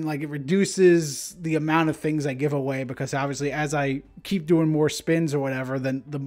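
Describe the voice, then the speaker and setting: A man's voice: fairly high pitch, darkish tone. Laid-back rambling man hosting a stream. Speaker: stream host. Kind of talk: casual livestream chat.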